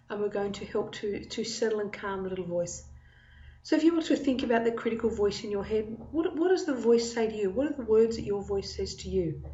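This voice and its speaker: A woman from Australia gently leading a guided tapping meditation, slow and repetitive, recorded in an echoey room with dull lo-fi sound. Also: fairly high pitch. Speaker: tapping practitioner.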